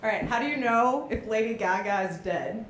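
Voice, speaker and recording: Young woman, stand-up comic, slightly high voice, animated storytelling, roomy echo, faint noise. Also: moderate pace. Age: young adult. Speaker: stand-up comedian. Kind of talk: stand-up comedy set. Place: small college comedy venue. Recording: echoey room with faint noise.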